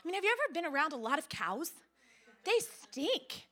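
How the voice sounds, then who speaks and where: Bright, high-voiced woman pastor preaching. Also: normal speed. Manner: animated storytelling with playful asides. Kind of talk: sermon.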